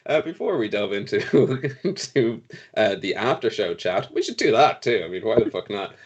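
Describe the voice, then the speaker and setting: An Irish man hosts a tabletop game stream, teasing the audience with casual swearing. His voice is husky and his pitch swings widely. The audio sounds dull and lo-fi. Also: normal speed. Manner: joking, lively, swears casually. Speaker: game master.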